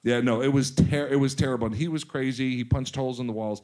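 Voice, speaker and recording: A man in his forties talks loosely with a host. He jokes, mocks himself, and keeps turning his stories into bits. His voice sits at a middle pitch. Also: fairly even intonation, fast, a little mellow. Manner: joking, self-mocking storyteller. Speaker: podcast guest, actor. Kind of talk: casual chat.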